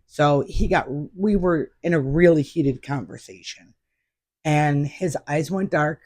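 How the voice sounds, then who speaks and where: A middle-aged woman, a podcast guest, telling a personal story in an animated, emphatic way. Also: low voice, unhurried, slightly rough, dry recording, clean studio sound.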